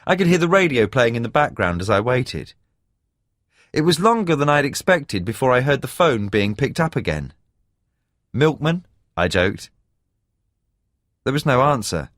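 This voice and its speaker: A man reading a thriller audiobook in the first person, telling the story at a measured pace with expressive emphasis. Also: mid-range voice, no echo, studio quality. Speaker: audiobook narrator. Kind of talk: scripted first-person narration.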